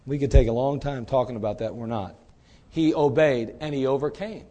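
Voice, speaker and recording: A man preaching a sermon, animated, moving from quiet asides to loud shouting and firing rhetorical questions at the congregation. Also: mid-range voice, a little fast.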